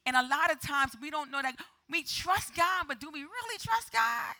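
Woman preacher, high bright voice, dramatic call-and-response sermon. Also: lively intonation, normal speed, vocal fry, few pauses.

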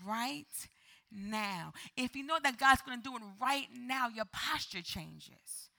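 Woman preacher, high bright voice, dramatic call-and-response sermon. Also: lively intonation, moderate pace, creaky.

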